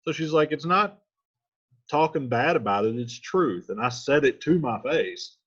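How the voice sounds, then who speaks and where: A man's voice: medium pitch, animated, a little slow, fairly bright tone, slightly rough, dull audio. A man reading lines from a play aloud and then restating each one in casual, slangy modern speech as a teacher. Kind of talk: casual line-by-line play explanation.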